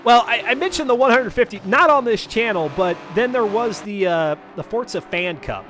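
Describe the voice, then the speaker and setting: A man's voice: high-pitched, lively intonation, normal speed, fairly bright tone, a little hiss or hum. A man commentating a live sim racing stream as host, chatty and rambling, talking to his chat viewers between calls of the race.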